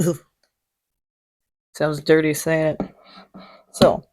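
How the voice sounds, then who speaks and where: Salty, low-voiced woman vlog host. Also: fairly even intonation, slow pace, long pauses, slight background noise. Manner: salty, jokey, swears freely. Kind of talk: casual chat.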